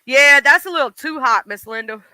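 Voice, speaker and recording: Very high-pitched Mississippi man chatting. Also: brisk, sharp tone, no echo. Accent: Deep South US, Mississippi. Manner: rambling, folksy, talks straight to chat by name. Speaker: livestream host. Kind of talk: casual livestream chat with viewers.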